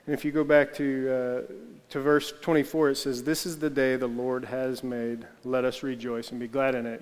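A man preaching a conversational sermon to his congregation, halting often with restarts and fillers. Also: medium pitch, smooth, long reverb tail. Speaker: pastor.

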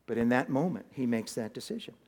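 A man preaching a sermon, telling a story with animated swings and dropping almost to a whisper for emphasis, with a chuckle and some restarts. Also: medium pitch, fast talker. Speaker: pastor. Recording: long hall reverb.

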